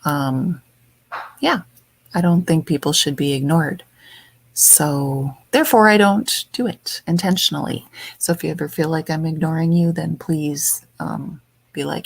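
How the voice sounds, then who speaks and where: A woman hosting a livestream, greeting her viewers one by one in soft, affectionate, rambling chat from home. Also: low-pitched, moderate pace, creaky, slightly rough, dry recording. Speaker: livestream host.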